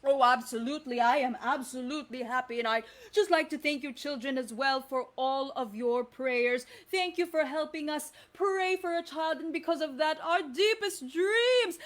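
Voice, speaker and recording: A proud and earnest young husband from a storybook, as a woman puts him on. He talks fast and gratefully, in a voice pushed down from a high natural register. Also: a bit bright. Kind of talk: children's storytelling.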